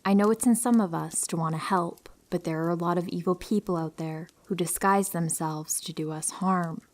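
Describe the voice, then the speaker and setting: Soft-spoken woman reading horror stories. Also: normal speed. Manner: calm, low-key reading with hushed whispery stretches. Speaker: narrator reading listener stories. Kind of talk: soft scripted storytelling for sleep.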